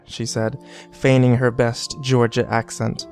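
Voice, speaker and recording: A man reading a scripted horror story in a measured, deliberate way. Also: mid-range voice, completely flat delivery, vocal fry, a little mellow. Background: faint background music.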